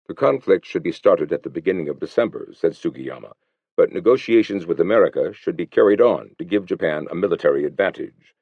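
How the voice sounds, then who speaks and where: A man reading an audiobook in scripted narration, with measured storytelling. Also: sits low, expressive, dry recording. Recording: slightly muffled dry recording.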